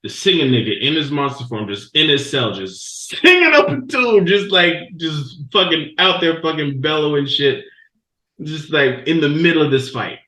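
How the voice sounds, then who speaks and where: A man co-hosting a podcast, recapping an anime episode in a loose, profane, animated way. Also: a little high, normal speed, reverberant, low-quality recording. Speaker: podcast co-host. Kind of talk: casual chat, recapping an anime.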